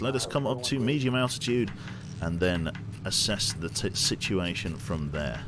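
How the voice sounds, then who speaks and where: A man's voice: deep voice, moderate pace, noisy background. A young man streaming a game, chatting casually with viewers, reading chat aloud and swearing now and then. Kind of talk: casual gameplay commentary.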